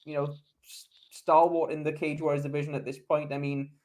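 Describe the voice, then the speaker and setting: A man's voice: fairly high pitch, level tone, fairly quick, darkish tone. A man hosting a sports podcast in casual chat, enthusiastic and leading the discussion. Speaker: podcast host.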